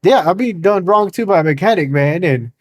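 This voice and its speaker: Man, reaction host, slightly high pitch, very lively intonation, casual and chatty. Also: a little fast. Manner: chatty, addresses viewers, laughs while talking. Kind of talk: casual commentary to viewers.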